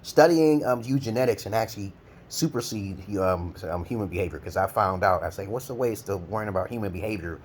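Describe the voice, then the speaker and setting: A man's voice: expressive, a little fast, husky. Profane rambling man vlogger. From Brooklyn, New York. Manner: loud, laughing rants with sudden high shouts.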